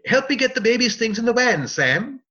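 A woman's voice: fairly high pitch, very animated, a little fast, pushed and bright, heavily acted. A man voicing a young pregnant woman who pleads with her older brother, in a dull lo-fi recording. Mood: pleading.

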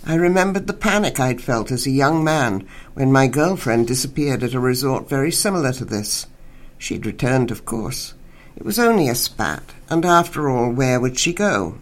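Soft-spoken canadian woman writer, measured, reads her story aloud. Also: extremely low pitch, expressive. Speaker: writer and guest. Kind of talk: interview and reading aloud.

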